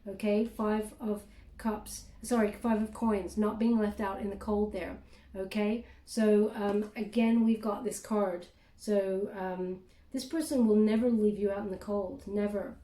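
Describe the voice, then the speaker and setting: A woman giving a casual spoken tarot reading, thinking aloud in halting bursts between cards. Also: medium pitch, steady tone, dark tone. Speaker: tarot reader. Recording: roomy echo.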